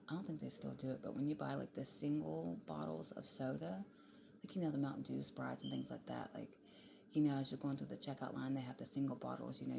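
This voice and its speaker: A woman's voice: rumbling low, gravelly, background noise. A tired young woman, rambling casually into her phone late at night at home, swearing freely and slipping into whispers. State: tired and yawning. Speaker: vlogger.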